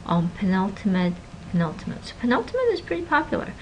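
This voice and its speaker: A woman teaching a linguistics class, stressing example words with energy and dropping into quiet asides. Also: mid-range voice, wildly swooping pitch, quick pace, dull audio, slight background noise. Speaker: linguistics lecturer. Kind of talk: recorded classroom lecture.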